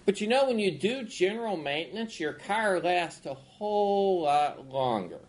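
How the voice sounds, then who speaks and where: Man teaching a marriage class, slightly higher voice, folksy storyteller, casual and rambling. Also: lively intonation, measured pace, rough recording. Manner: folksy storyteller, many restarts. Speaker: marriage workshop leader. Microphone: class also streamed on video call.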